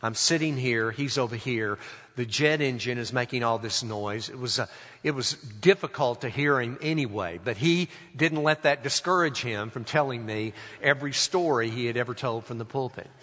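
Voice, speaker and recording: A male pastor preaching a sermon, telling stories and acting out the voices in them, slowing down for emphasis. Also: medium pitch, fairly bright tone. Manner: acts out voices in anecdotes, slows for emphasis. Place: church sanctuary. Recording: long hall reverb.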